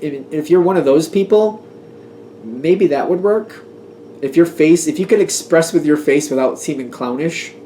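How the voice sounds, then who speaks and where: A man in the middle of a relaxed tarot reading, talking freely. He grows emphatic and worked up about his point, then laughs it off. His voice sits at an ordinary pitch over a faint background hiss. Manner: chatty, emphatic, gets worked up and laughs at himself. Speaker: tarot reader. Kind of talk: casual tarot reading monologue.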